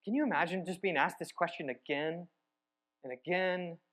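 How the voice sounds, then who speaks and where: A man with a slightly high voice preaching a sermon. He retells the story vividly, pressing some words hard and dropping others to a near-hush. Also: normal speed. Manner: storytelling, swinging between emphatic and hushed. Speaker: church teacher.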